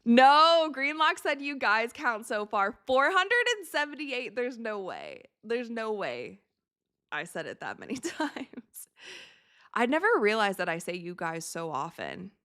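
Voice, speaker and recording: A woman's voice: a little high, sing-song, measured pace, fairly bright tone, dry recording, studio quality. A woman hosting a casual live-stream watch party from her home set, chatting, reading out viewer comments and laughing often.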